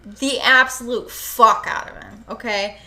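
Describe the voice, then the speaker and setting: A woman speaks slowly in a bright, forceful voice while co-hosting a podcast. She retells a book's plot casually, leaning hard on emphatic words and swearing freely. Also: on the high side, fairly even intonation. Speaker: podcast co-host.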